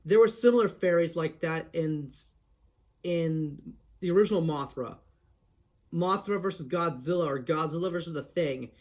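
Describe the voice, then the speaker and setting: Here a man whose pitch is slightly raised guides listeners through a voice impression tutorial. He keeps each step casual and frequently starts his sentences over.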